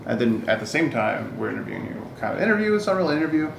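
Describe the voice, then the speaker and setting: A man's voice: mid-range voice, very animated, racing, creaky. A man hosting a loose comedy chat show, joking and swearing freely. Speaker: podcast host. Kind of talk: casual banter. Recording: echoey room with light noise.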